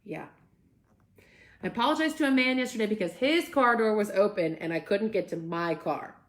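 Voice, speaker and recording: A woman's voice: medium pitch, moderate pace, reverberant. A young woman hosting a casual live stream, reading viewer comments aloud and reacting with upbeat energy. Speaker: host.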